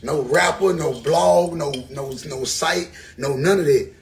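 A man's voice: on the high side, measured pace, creaky. A man in his thirties with a Memphis Southern accent, ranting to the camera in an angry, profane way and hammering home repeated phrases. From Memphis, Tennessee. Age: 30s. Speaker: rapper. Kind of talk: heated rant to camera.

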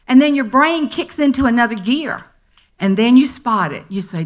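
Lively, animated woman telling funny stories. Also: on the high side, moderate pace. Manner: animated and playful, acting out friends' voices. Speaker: motivational speaker. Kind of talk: humorous keynote storytelling. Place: event stage before a live audience.

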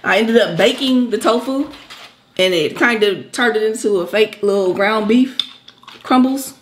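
A woman with a mid-range, slightly slow voice, backed by a faint hiss or hum, co-hosts a mukbang channel. She chats casually while eating and laughs easily.

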